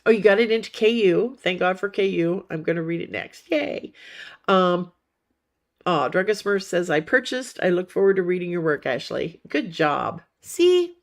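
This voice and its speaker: A woman with a somewhat low voice hosts a relaxed livestream for fellow writers. She chats warmly and encouragingly, calling her viewers honey and sweetie. A nagging cough keeps cutting into her talk. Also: moderate pace. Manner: chatty and encouraging. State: coughing now and then. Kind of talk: casual livestream chat.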